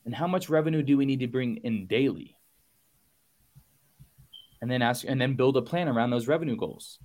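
A man's voice: mid-range voice, normal speed, a little mellow. A man coaching on goals in a motivational podcast talk, punchy and emphatic, repeating phrases for effect and casually calling listeners y'all. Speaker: business coach guest.

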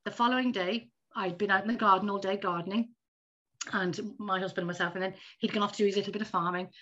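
Woman, 50s, quick animated storyteller, dull lo-fi recording. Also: medium pitch. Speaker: podcast guest. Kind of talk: casual storytelling chat. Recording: dull lo-fi audio.

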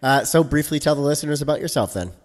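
A man's voice: fairly high pitch, expressive, fast talker. A man hosting a podcast, who opens the show in a chatty, enthusiastic way and jokes with his guest. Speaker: podcast host. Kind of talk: upbeat show intro and interview.

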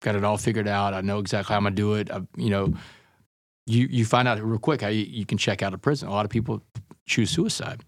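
A man's voice: lowish voice, steady tone, fast talker, dry recording, studio quality. A man guest on an interview podcast, telling his story in an earnest, intense way and often calling the listener "man" and "brother".

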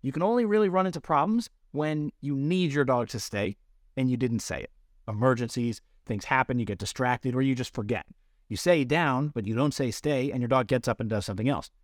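A man's voice: medium pitch, brisk, no room sound. A man talks through dog training on his podcast, plain and practical, leaning on everyday comparisons. His voice sits in a middle register and sounds dry and close, with no room around it. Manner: explanatory, uses everyday analogies. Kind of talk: instructional podcast talk.

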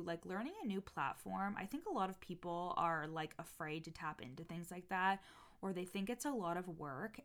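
A woman's voice: lowish voice, fairly bright tone. A young woman hosting a casual, unedited podcast, gushing and swearing freely with lots of "like" and "um", her voice a little off today. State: voice a bit off. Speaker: podcast host and coach.

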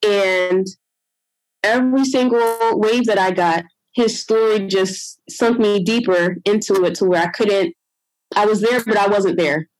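A woman's voice: measured pace, dry recording, rough recording. Woman recounting a story in a dry, close sound. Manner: animated, acts out her own past words in a higher voice; frequent fillers like "I'm like" and "you know". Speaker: guest telling her birth story. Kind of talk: casual personal storytelling.

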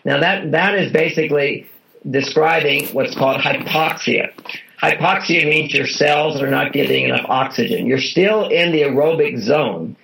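A man's voice: on the high side, normal speed, vocal fry, a bit bright, a little hiss or hum. A man being interviewed as a guest author, explaining things in an earnest, instructive way and repeating his key points. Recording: dull lo-fi audio.

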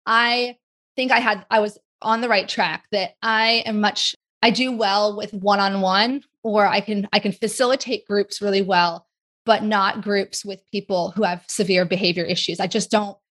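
A woman in her forties, a guest in an interview, talking casually and chattily with quick asides. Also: medium pitch, steady tone, fairly bright tone. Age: 40s.

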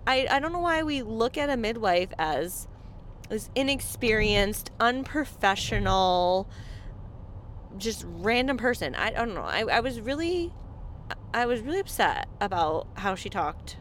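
A woman talking casually to her viewers, chatty and animated, often laughing and restarting her sentences. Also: medium pitch, unhurried, slight background noise. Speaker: vlogger. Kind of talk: casual chat to camera.

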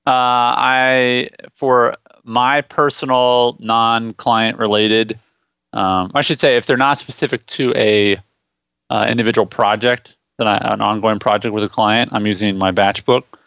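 A man's voice: medium pitch, fairly even intonation, unhurried, fairly bright tone, smooth, dry recording. A man co-hosting a casual tech podcast, joking and laid back. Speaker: podcast co-host, consultant.

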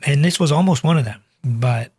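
Chatty husky-voiced male doctor. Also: fairly high pitch, normal speed, a little mellow, dry recording, clean studio sound. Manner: chatty and rambling, with many fillers and asides. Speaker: cardiologist and weight loss coach. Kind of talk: casual storytelling monologue to camera.

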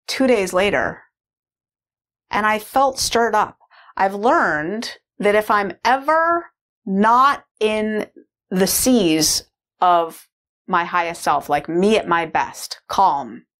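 With a medium-pitched, slightly bright voice, a woman who took part in a course reflects candidly on her personal experience in a testimonial. She uses fillers frequently.

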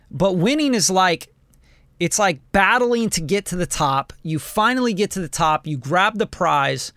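A man in his forties hosting a podcast, giving a blunt, profane, animated motivational talk about a music career. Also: sits high, creaky, dry recording, studio quality. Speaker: podcast host, music producer.

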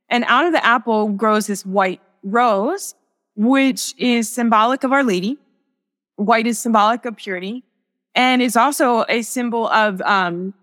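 A woman's voice: on the high side, fairly bright tone, in a large hall. A young woman, a sacred artist, speaking as a guest in a podcast interview, telling a personal faith story in an earnest, reflective way with many restarts.

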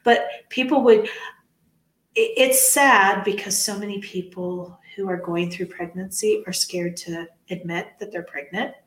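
She's a leadership coach and ex-HR professional, talking a little slowly in a mid-range voice during a podcast chat. Her manner is earnest, with repeated emphasis and lively acted-out quotes. The recording has an echoey room sound.

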